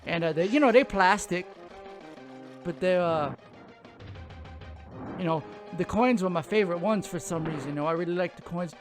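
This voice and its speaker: Man, high voice, rambling, full of fillers, casual chat. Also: moderate pace, pauses often, soft background music. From Louisiana. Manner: rambling, filler-heavy, laughs often. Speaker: show co-host.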